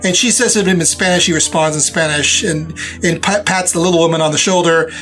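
A man's voice: a little high, steady tone, fairly quick, fairly bright tone, soft background music. A man running a tabletop game as game master, narrating in a rambling way with many restarts.

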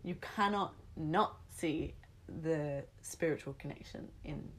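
A woman's voice: sits low, slow pace, husky. A young woman from England talking animatedly as a podcast guest, laughing often and swearing casually. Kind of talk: casual chat.

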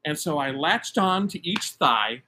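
A man's voice: a little high, animated, unhurried, sharp tone, slight background noise. A middle-aged American man and podcast co-host, telling a story in casual chat with emphatic, self-mocking energy.

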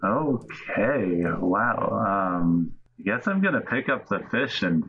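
A man playing a tabletop game, talking in a hesitant, drawn-out way. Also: on the low side, big pitch swings, slightly rough. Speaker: player. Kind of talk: casual tabletop game chat. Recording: dull lo-fi mic.

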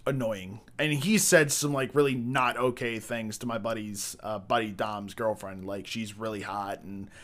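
A man's voice: fairly low pitch, steady tone, moderate pace, few pauses, fairly bright tone. A man telling rambling, profane work stories in a casual chat, full of restarts and crude jokes. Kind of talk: casual storytelling.

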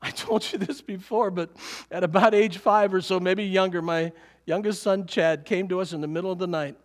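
High-voiced man preaching a sermon. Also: moderate pace. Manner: animated preaching with chuckles. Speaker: pastor.

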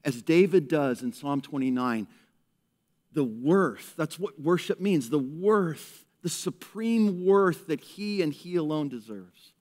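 Pastor guy preaching in church, slightly high voice, gets loud acting out characters then goes quiet. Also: slow. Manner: animated, acts out characters in raised voice, drops to hushed prayer. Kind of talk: sermon. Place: church service.

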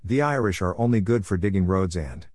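A man's voice: low-pitched, expressive, a little fast, no room sound, studio quality. A man voicing a stern, disapproving middle-aged mother who speaks with scorn in a read-aloud story. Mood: scornful. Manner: scornful, sharp-tongued. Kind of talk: storybook character voice.

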